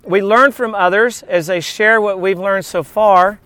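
A man's voice: high voice, steady tone, unhurried, pushed and bright, no room sound. A male pastor giving a casual, anecdotal sermon at an outdoor beach church, chatting with frequent asides to the congregation.

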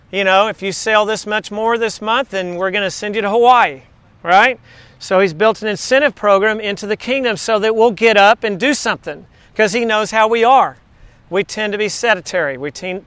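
A man's voice: sits high, fairly bright tone, clear, resonant tone, dry recording. A man preaching a sermon in a conversational way, telling stories and asking rhetorical questions. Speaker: pastor.

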